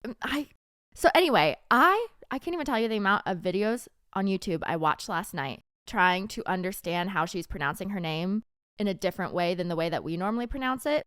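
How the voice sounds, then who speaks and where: Woman, podcast co-host, lively pitch, smooth clear voice, casual chat. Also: dry recording, clean studio sound. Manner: chatty, fast asides, laughs often.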